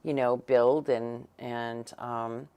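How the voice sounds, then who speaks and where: A woman's voice: rumbling low, fairly even intonation, takes it slowly, smooth, dull audio. A woman co-hosting a casual local news chat, rambling with many fillers and restarts in a blunt, teasing way. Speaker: co-host.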